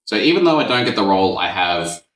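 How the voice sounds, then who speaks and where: A low-pitched man hosts a podcast, chatting casually at a quick pace and rambling a bit like a relaxed storyteller. He sounds a little off-mic and far away, in an echoey room.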